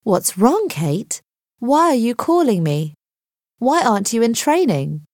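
Steady, reassuring young man, voiced by a woman reader, measured and calm, dry sound. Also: a little high, dry recording, voice pushed up. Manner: reassuring and level-headed. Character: calm, steady young male law student boyfriend.

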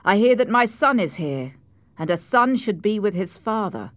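Cold scheming landowner read by a woman, commanding, sarcastic, louder, lively pitch, dry sound. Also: normal speed, no echo, natural voice. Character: harsh scheming male landowner, grown man. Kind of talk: audiobook character reading.

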